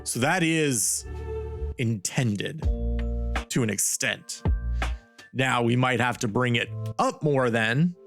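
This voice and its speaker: A man's voice: mid-range voice, expressive, slow pace, vocal fry, long pauses, over music. A man chatting casually on a live stream as a streamer, rambling and talking to his chat while testing a studio microphone. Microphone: studio mic.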